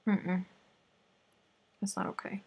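A woman's voice: slow, warm tone. A woman hosting a live stream, chatting playfully with viewers and answering their comments while she snacks. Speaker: crochet livestream host. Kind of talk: casual livestream chat with viewers.

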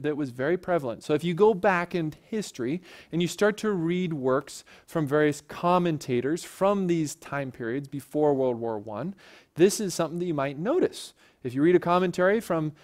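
A man teaching a Bible lesson for a church in a conversational way, often checking in with the listeners. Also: fairly high pitch.

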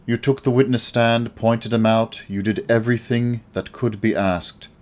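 A man voicing a gentle, tired uncle and former teacher who speaks softly and consolingly. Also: medium pitch, fairly even intonation, natural voice. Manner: soft, consoling, measured.

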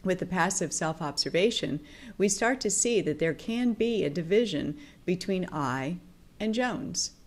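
A woman giving a calm explanatory talk as a teacher. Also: lowish voice, a little slow.

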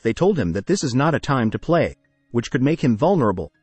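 A man narrating an anime plot recap in a steady, scripted storytelling manner. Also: mid-range voice, a little fast, slightly rough, dry recording. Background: faint music.

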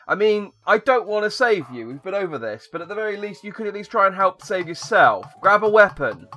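A man's voice: high-pitched, big pitch swings, a little fast, sharp tone. A young man giving sarcastic, rambling commentary while playing a video game. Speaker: gaming YouTuber. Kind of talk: sarcastic let's-play commentary.

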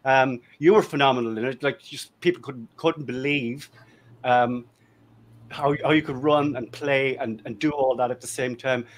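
A man's voice: mid-range voice, fairly even intonation, normal speed, slight background noise. A man, a guest in a casual chat, telling jovial, self-deprecating anecdotes. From Ireland.

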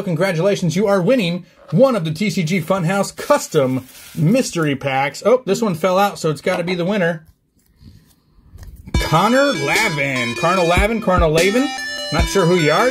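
A man hosting a trading card opening vlog, chatty and excited, rattling off card names. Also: sits high. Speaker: card-opening channel host.

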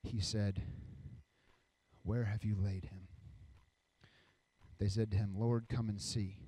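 A man's voice: fairly low pitch, flat delivery, slow, pauses often, dark tone, slightly rough. A man preaching a sermon as pastor, reading scripture and acting out the voices of people in the story.

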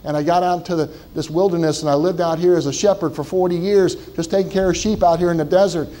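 Man preaching with a mellow, dramatic voice. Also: sits high, fairly even intonation, quick pace, low-quality recording. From Southwestern Ohio. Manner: dramatic retelling, voicing Moses in first person with many repeated words. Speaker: pastor. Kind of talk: sermon.

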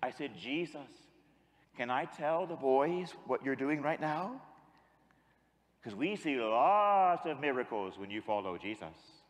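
A man's voice: mid-range voice, expressive, unhurried. A male priest preaching a sermon, telling a story and leading the congregation in call-and-response prayer. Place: church. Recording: long church reverb.

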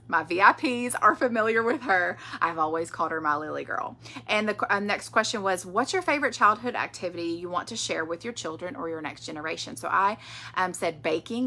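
A woman's voice: mid-range voice, sharp tone. A woman, chatting casually in a product vlog, rambling with fillers. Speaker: direct sales director.

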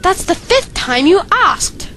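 A woman's voice: extremely high pitch, very animated, slow pace, a bit bright, slight background noise, pitched above the performer's own voice, full character voice. A girl putting on a kind orphanage lady. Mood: reassuring. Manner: reassuring, a clumsy attempt at an accent. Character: kind grown woman guiding orphan girls.

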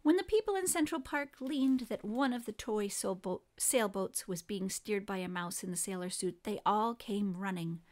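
A woman reading a children's book aloud in an expressive, lively storytelling manner. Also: medium pitch, moderate pace, few pauses.

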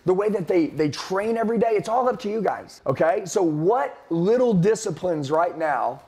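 A high-pitched man delivers an intense motivational talk to a sales team. He repeats himself and preaches about discipline and leadership. His voice sits high for a man. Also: expressive, normal speed, dark tone. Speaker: sales trainer.

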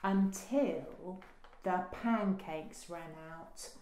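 A woman librarian reading a children's picture book aloud with slow, expressive storytelling. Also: medium pitch. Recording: roomy echo.

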